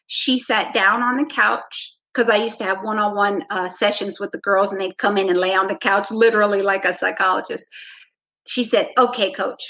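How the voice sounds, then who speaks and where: Woman coach as interview guest, mid-pitched, relaxed storyteller who re-enacts her own past lines. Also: normal speed, low-quality recording. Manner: frequent "you know" fillers. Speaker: basketball coach, podcast guest.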